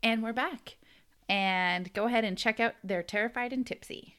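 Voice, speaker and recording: A woman's voice: fairly high pitch, normal speed, fairly bright tone, clear, resonant tone, soft background music. Giggly American woman telling a story. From United States. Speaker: podcast co-host. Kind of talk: casual chat.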